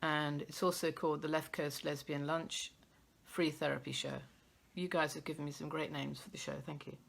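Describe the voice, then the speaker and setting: A woman's voice: sits low, level tone, normal speed, gravelly. A British woman hosting a live poetry stream, chatting in a rambling, self-deprecating way and reading her own poems.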